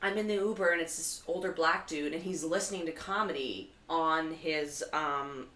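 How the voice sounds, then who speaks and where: A woman co-hosting a live comedy show, telling animated stories in casual chat, her voice jumping high when she gets excited. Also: normal speed. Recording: echoey room, mic at a distance.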